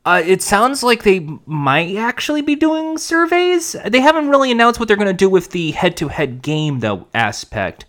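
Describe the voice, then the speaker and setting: A man hosting a podcast, talking quickly and wryly about the news with a self-mocking humor. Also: high voice, expressive, fairly bright tone. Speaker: podcast host. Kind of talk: casual podcast commentary.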